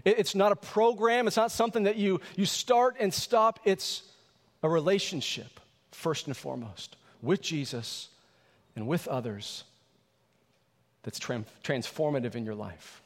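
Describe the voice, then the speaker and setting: A pastor with a high-pitched voice preaches to his congregation and leans hard on key words, stretching them out. His voice rings through a church sanctuary with a long, lingering reverb. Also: measured pace. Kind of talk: sermon.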